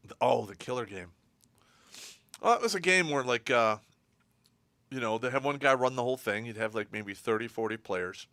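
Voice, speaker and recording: A man's voice: medium pitch, lively intonation, moderate pace, pauses often, bright, forceful tone, no echo. A man co-hosting a casual livestream chat, telling a story and laughing through the punchlines. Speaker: co-host.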